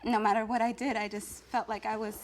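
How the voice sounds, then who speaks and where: An actress playing a young woman confessing her insecure past in a web series confessional, halting and earnest. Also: fairly high pitch, flat delivery, natural voice. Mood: wistful.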